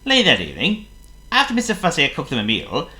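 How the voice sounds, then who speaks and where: A man narrating a children's storybook in a lively, theatrical way. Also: on the high side, fast.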